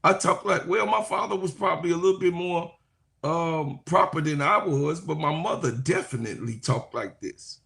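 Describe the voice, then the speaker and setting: A gravelly-voiced man hosts a sports live stream, reading chat comments at a moderate pace. He talks like a preacher, repeating phrases for emphasis and swinging between low asides and loud, high proclamations.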